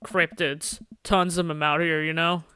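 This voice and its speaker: A man voicing a gruff, laconic middle-aged man with a secretive, deadpan manner. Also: fairly high pitch, unhurried, no echo, clean studio sound, pitched below the performer's own voice.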